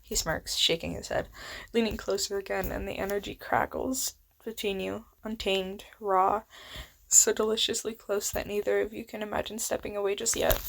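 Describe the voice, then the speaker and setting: Soft-spoken young woman narrating romance. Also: medium pitch, flat delivery, brisk, a little hiss or hum. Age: young adult. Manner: soft, intimate, with breathy whispers. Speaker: fan fiction narrator. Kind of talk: second-person romance story narration.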